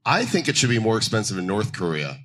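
A man co-hosting a live podcast in a loose, joking manner. His voice is bright and carries well, and he keeps the banter moving. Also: on the low side, very animated, fast talker. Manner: wisecracking, loose and playful. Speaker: podcast co-host. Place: live event venue.

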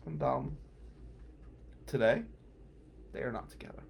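A man hosting a show, telling a personal story in a casual monologue, animated and swinging from loud outbursts to low mutters. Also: a little slow, vocal fry, long pauses, husky.

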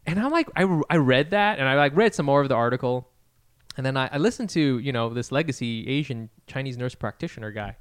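Man, 40s, smooth clear voice, easygoing podcast co-host, dry close mic. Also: mid-range voice, animated, no echo. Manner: easygoing, quick to joke and riff. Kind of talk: casual comedic chat.

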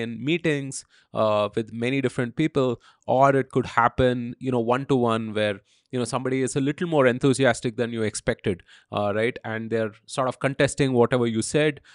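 A man's voice: medium pitch, no room sound. Hesitant male podcast host, dry sound. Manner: hesitant, many fillers, rephrases questions. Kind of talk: interview question.

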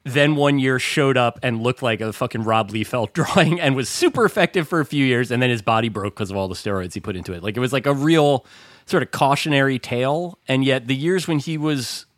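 A man co-hosting a chat podcast at a middle pitch, wry and a little rambling, with the odd casual curse. His voice is recorded close, with no room sound around it. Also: brisk, dry recording. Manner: wry, discursive, swears casually. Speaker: podcast co-host.

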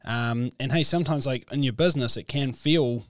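A man's voice: medium pitch, brisk, no room sound, clean studio sound. A man co-hosting a podcast, agreeable and chatty. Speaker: podcast co-host. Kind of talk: casual chat.

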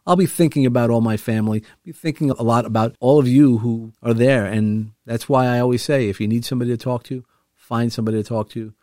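A man's voice: medium pitch, fairly even intonation, fast talker, mellow, dry recording, studio quality. Earnest man telling a heartfelt story. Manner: earnest, heartfelt, rambling with restarts. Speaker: vlogger sharing a personal story. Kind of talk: reflective personal storytelling.

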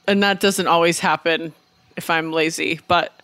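A woman's voice: sits low, fairly even intonation, normal speed, fairly bright tone, dry recording. A young adult woman co-hosting a podcast, chatting casually with lots of fillers. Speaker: co-host.

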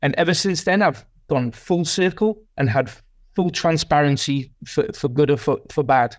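A man's voice: fairly high pitch, moderate pace, dry recording, clean studio sound. A man, a sales leader guest, talks through his experience in a rambling, self-reflective way with many restarts. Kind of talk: casual podcast interview.

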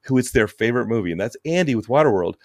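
Lively, joking podcast host. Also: male voice, mid-range voice, very fast, dry recording, studio quality. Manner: joking, profane, laughs often. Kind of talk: casual podcast chat.

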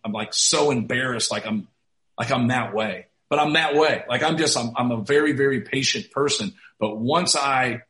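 A middle-aged basketball coach tells stories in a loose, rambling way, filling his talk with "like" and laughing at himself. His voice is bright and forceful, at an average pitch for a man. It is caught in a noticeably roomy, echoing space. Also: normal speed. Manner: rambling, heavy use of "like", self-deprecating. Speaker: college basketball head coach. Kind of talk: casual storytelling in a podcast interview. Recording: roomy echo.

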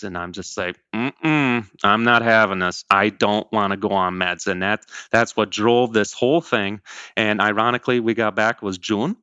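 Earnest, rambling man with a bright voice. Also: lowish voice, clear, resonant tone, no room sound, muffled recording. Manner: rambling, self-correcting, earnest. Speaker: program member. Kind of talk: casual interview.

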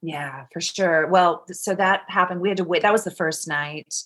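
A woman recounts a personal story in an easy, conversational way. She gets animated, with her voice jumping up loud and high at exciting moments and dropping to a hush at tender ones. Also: normal speed. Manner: animated, swings between loud excitement and hushed tones. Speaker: guest. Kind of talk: casual storytelling.

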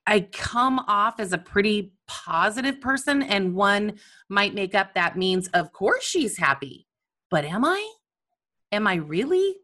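Woman, candid personal monologue, bright tone, animated and self-mocking, coach. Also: mid-range voice.

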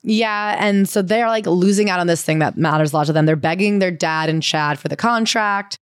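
A woman's voice: fairly low pitch, clean tone, dry recording, studio quality. A woman co-hosting a podcast, wryly recapping a story in casual chat and reading passages aloud. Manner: fast, wry recapping. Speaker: podcast co-host.

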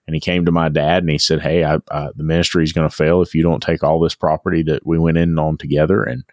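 Guy on a podcast, low voice, dry mic, rambling thoughtful storytelling. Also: little pitch movement, fast, darkish tone, no echo. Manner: reflective storytelling, repeats words as he thinks. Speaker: podcast co-host. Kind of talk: casual podcast chat.

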